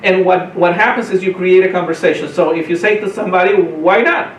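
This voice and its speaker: A man with a high, quick voice runs a real estate training session, piling up restarts and tag questions like "right?". He sounds roomy and a little distant from the mic, with a faint rumble underneath. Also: steady tone. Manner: fast, repetitive, says "right?" often. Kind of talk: training talk.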